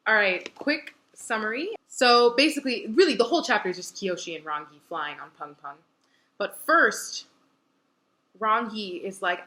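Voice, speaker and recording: Bright-voiced chatty young woman. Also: medium pitch, sing-song, measured pace. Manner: chatty, bubbly, full of filler. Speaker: book reader and fan host. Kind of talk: casual chat. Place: home, live stream. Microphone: phone.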